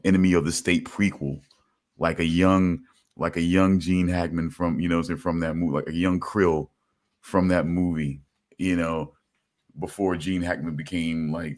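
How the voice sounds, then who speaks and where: A man's voice: deep voice, steady tone, a little slow, darkish tone. A man on a live stream rambling through a story with lots of fillers. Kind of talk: casual banter on a live stream. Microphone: video call.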